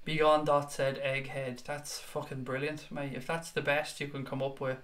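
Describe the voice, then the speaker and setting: A man's voice: a little high, little pitch movement, moderate pace, fairly bright tone. A young man hosting a live fan chat show, talking casually with viewers and reading their comments aloud in a blunt, sweary way. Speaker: livestream chat show host.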